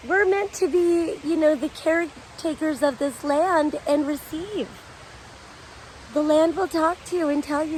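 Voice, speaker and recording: A middle-aged woman from Colorado talks in a slow, meandering way while high on psychedelics. Her voice sits high, and she drifts between thoughts with frequent laughter and casual swearing. Faint outdoor ambience hums behind her. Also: slight background noise, rough recording. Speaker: vlogger and mother. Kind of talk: casual rambling monologue. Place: outdoors in the woods.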